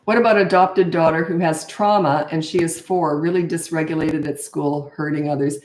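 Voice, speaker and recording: At a moderate pace and with a steady, slightly mellow tone, an older woman coaches parents live in an echoey room. Her answers are direct and matter-of-fact, and she plays the kids in high voices.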